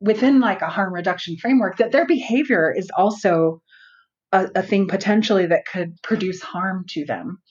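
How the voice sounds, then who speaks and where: A woman guest talking earnestly and reflectively, often pausing to find her words. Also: mid-range voice, darkish tone, lo-fi sound. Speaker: outreach worker and guest. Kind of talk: conversational interview.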